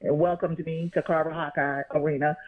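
A woman phoning in as a guest writer, talking excitedly and rambling as she tells her story. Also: sits low, a little fast. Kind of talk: casual phone interview. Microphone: phone. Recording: tinny phone line.

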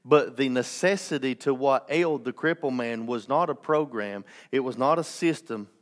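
Man, pastor, sermon, impassioned, restarts, joking asides, middle-pitched voice. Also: normal speed.

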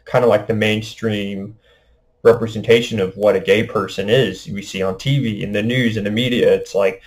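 A man's voice: lowish voice, fairly even intonation, normal speed, low-quality recording. Rambling young man, casual talk. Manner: rambling, many fillers. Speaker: podcast host. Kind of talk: casual monologue.

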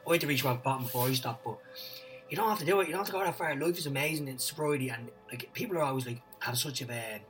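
Excitable man, bright voice. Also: mid-range voice, racing, distant mic, faint music behind, poor audio. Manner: excitable, rambling storyteller, swears freely. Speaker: guest. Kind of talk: casual podcast chat.

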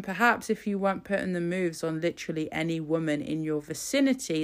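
A woman giving casual, opinionated commentary in a blunt, scornful way, swearing freely and filling pauses with "um". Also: fairly low pitch, fairly bright tone, smooth.

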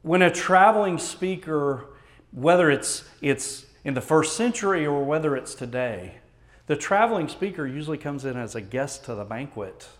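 A man with a Texan accent preaching a sermon as pastor, reading scripture aloud and explaining it with earnest emphasis, moving between loud stresses and quiet, low passages. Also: lively intonation, normal speed.

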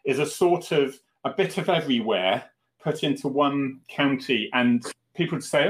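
A man's voice: medium pitch, lively intonation, normal speed. A Cornish man in his fifties, hosting a casual chat in a rambling, chatty way and laughing often. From Cornwall, England. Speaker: host.

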